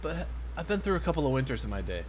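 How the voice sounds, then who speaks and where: Man, sarcastic show reviewer, mid-pitched voice, casual commentary, faint hiss behind. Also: sing-song, racing, a little mellow. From Maine, US. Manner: sarcastic, mocking. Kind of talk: casual commentary over footage.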